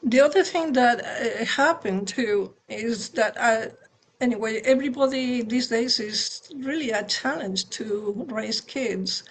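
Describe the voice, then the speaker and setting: A woman co-hosting a spiritual talk on parenting, speaking in a gentle, conversational way over a video call. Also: on the high side, a little slow. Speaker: satsang co-host and parent.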